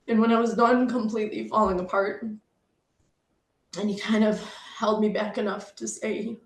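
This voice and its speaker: Emotional woman telling a personal story. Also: medium pitch. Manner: emotional, apologetic, fighting tears. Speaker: speaker sharing a personal story. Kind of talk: personal testimony talk. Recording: echoey room.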